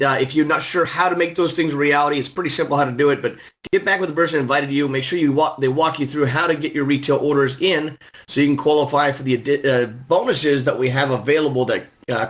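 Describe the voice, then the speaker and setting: A man with a somewhat high voice opens a weekly training call for a sales team. He talks with eager enthusiasm, stumbling into fillers and restarts as he goes. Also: fairly bright tone. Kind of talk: upbeat sales call hosting.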